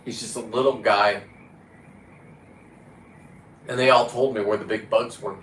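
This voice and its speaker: A man's voice: lowish voice, fairly even intonation, measured pace, fairly bright tone. A man chatting casually to camera about diving, rambling and blunt, with the odd swear word. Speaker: free diver and vlogger. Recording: roomy echo with faint background noise.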